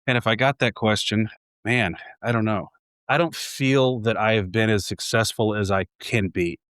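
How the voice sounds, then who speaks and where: A man's voice: lowish voice, normal speed, fairly bright tone, smooth, no room sound, studio quality. A man in his forties, a home builder guest, talking casually and reflectively in a podcast conversation, with frequent restarts. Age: 40s.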